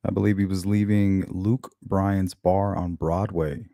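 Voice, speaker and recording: A man's voice: low-pitched, fairly even intonation, unhurried, gravelly, mellow, no echo, clean studio sound. A man hosting a live true-crime stream, musing over a case and greeting viewers in chat. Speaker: host of a true-crime livestream. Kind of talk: casual live commentary.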